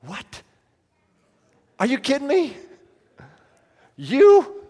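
A man's voice: very high voice, quick pace, darkish tone, voice pushed up. A man voicing an astonished young woman, an old college friend, exclaiming in disbelief. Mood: amazed. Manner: incredulous, exclaiming. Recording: long reverb of a large hall.

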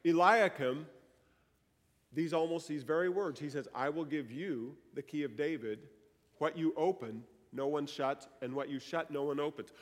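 A man preaching a sermon, moving between quiet teaching and loud, fervent declarations. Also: a little high. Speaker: pastor. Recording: long hall reverb.

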